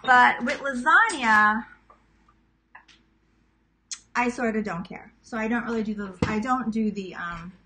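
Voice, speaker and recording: A thirties-aged woman from Queens with a New York accent chats casually with viewers while walking through a recipe in her home kitchen. Her voice sits on the high side at a moderate pace, with background noise. A cooking vlogger, she's chatty, teases herself, and calls her audience "guys."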